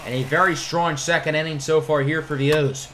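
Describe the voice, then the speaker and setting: A man giving play-by-play commentary over a video game, excitable on big plays with wry asides. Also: a little high, a little fast. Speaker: gaming channel host.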